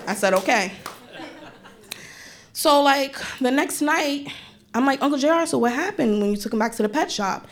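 A young woman telling a funny personal story on stage, acting out her relatives' voices with lots of energy. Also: on the high side. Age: young adult. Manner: animated, acts out relatives' voices.

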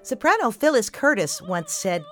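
A woman's voice: a little high, big pitch swings, moderate pace, a bit bright. A woman hosting a children's classical music podcast, explaining things simply and cheerfully to young listeners. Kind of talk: scripted kids' podcast narration.

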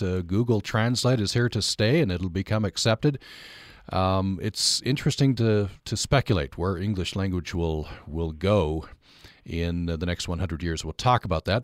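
Low-voiced male radio host. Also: no echo, studio quality. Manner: conversational, wry, chatty. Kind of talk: radio interview and call-in hosting.

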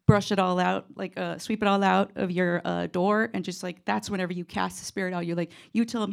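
Gravelly woman telling a funny story. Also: medium pitch, flat delivery, a little fast, few pauses. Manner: rambling, self-mocking, lots of fillers. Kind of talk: comedic storytelling.

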